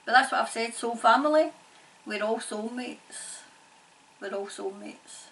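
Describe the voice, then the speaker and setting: A Scottish woman working as a psychic medium, talking in a halting, repetitive way and laughing often. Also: on the high side, a bit bright, recorded from a distance, a little hiss or hum, rough recording. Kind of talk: channelling session, casual monologue.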